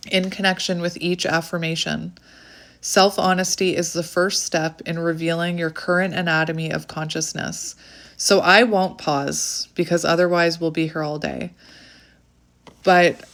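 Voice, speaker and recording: Low-voiced woman reading affirmations aloud. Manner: slow affirmations with candid chatty asides. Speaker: tarot channel host. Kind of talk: reading a self-help book aloud with personal asides.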